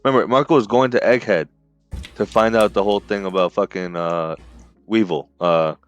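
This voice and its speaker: A man's voice: lowish voice, fairly even intonation, normal speed, no echo, highs cut off, faint music behind. A man co-hosting a podcast in casual chat, talking over the others and restarting his sentences. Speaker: podcast co-host.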